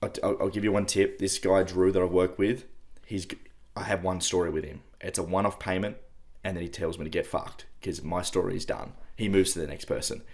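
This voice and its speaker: A young adult man with an Australian accent, co-hosting a casual chat, relaxed and swearing, often repeating words. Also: low voice, brisk. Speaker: podcast co-host.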